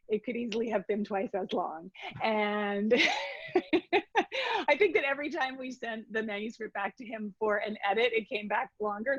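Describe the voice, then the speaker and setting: A fairly high-voiced woman gives a prepared introduction, laughing often between phrases. Her voice is very dry and close, with a dull, lo-fi sound. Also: no room sound. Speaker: event host introducing the author.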